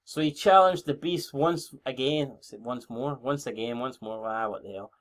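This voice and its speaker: A man's voice: medium pitch, moderate pace. A Scottish man in his twenties giving casual, rambling, sweary commentary on a wrestling booking game, often breaking off mid-sentence to correct himself. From Scotland. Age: 20s. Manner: rambling, sweary, self-interrupting. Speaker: YouTube gamer.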